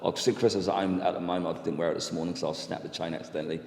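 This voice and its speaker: A man's voice: low voice, steady tone, racing, gravelly, darkish tone. A man in his fifties, a podcast guest, talking in an earnest, rambling way with many agreeing fillers, recorded in an echoey room. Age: 50s. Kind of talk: casual chat. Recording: echoey room with long reverb.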